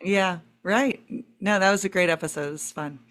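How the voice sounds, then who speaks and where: A woman's voice: mid-range voice, normal speed, a bit bright. A woman in her forties from the St. Louis area, a counselor talking as a podcast guest, chatty, laughing easily and thinking aloud. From St. Louis area, USA. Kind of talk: casual podcast interview.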